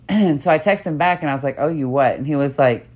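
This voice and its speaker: A woman telling a frank, profane story in casual chat, quoting others in animated voices and laughing often. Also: low-pitched, a little fast.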